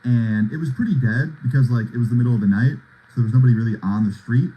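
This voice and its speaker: A man's voice: medium pitch, fast talker, dark tone, breathy edge, poor audio. A young man in his twenties telling a story on a livestream in laid-back, slangy talk full of "like" and "bro". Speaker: livestream host.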